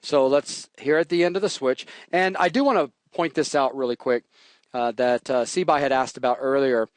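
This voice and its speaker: A man teaching programming in a relaxed, jokey way while he types, walking through code on a live stream. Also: medium pitch, moderate pace, no room sound. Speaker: programming instructor. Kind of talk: live coding tutorial.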